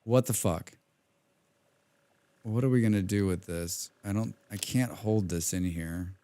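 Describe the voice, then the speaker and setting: A man's voice: lowish voice, unhurried, warm tone. Rambling, chatty man streaming a game. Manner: rambling, chatty, hums and mutters to himself, swears casually. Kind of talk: casual live-stream chat while playing.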